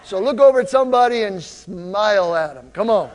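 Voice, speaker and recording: A male pastor preaching a lively sermon in a church, drawing the congregation into call-and-response. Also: high-pitched, fairly quick, big-room sound. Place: church sanctuary.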